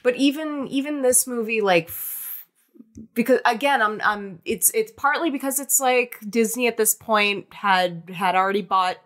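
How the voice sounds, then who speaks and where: A woman co-hosting a podcast, talking in a chatty, casual way with many fillers, restarts and lively bursts of emphasis. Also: on the high side, normal speed. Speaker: podcast co-host.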